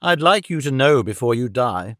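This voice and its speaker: A man's voice: medium pitch, animated, moderate pace, fairly bright tone, no room sound, studio quality, lightly acted. A man voicing a cold, gloating middle-aged male villain who mocks and menaces his dying victim. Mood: menacing. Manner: sneering, menacing, mocking.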